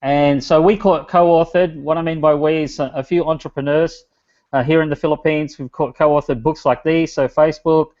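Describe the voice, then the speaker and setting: Speaking at a moderate pace with fairly even intonation, the man has a slightly high, darkish voice. He's an Australian business strategist appearing as a guest speaker, delivering a loose, chatty webinar presentation to an online chat, and the recording is dull lo-fi webinar audio.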